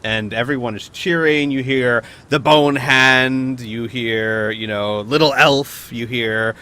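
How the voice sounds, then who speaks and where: A man's voice: mid-range voice, fairly even intonation, slow pace, bright, forceful tone, clean tone. A man narrating a tabletop role-playing game as game master, rambling with many fillers and restarts. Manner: rambling, full of uhs and restarts.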